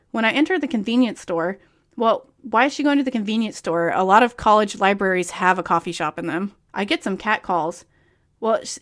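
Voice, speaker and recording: A woman reading a book aloud and breaking in with sarcastic, incredulous commentary. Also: a little high. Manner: swears freely, calls the author girl.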